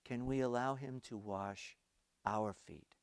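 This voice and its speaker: A male pastor preaching an earnest, storytelling sermon for an online worship service, rising in emphasis and then dropping to quiet. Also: medium pitch, takes it slowly, clear, resonant tone, no room sound.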